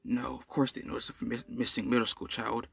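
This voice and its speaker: A man's voice: medium pitch, flat delivery, a little fast, creaky, pushed and bright, slightly rough, full character voice. A man voicing a nervous, earnest teenage boy hero who stammers eagerly.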